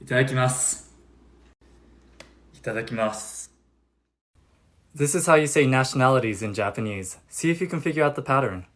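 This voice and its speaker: A man's voice: medium pitch, expressive, fast, few pauses, fairly bright tone. A young man giving a comedic short-form language lesson, jokey and playful, full of puns, recorded on a phone. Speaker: language teacher on short videos.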